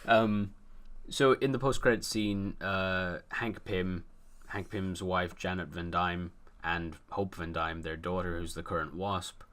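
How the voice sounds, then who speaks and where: A man's voice: sits low, level tone, unhurried, hardly any pauses, fairly bright tone. A man co-hosting a casual film podcast, chatty and joking, mocking film dialogue. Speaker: podcast co-host. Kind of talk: casual chat.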